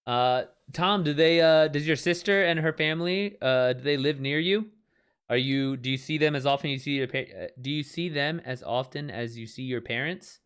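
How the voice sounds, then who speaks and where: A man's voice: fairly high pitch, normal speed, a bit bright, clean tone. A man chatting casually during a live stream, talking frankly and often correcting himself mid-sentence. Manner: rambling, frequent self-corrections. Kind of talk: casual chat.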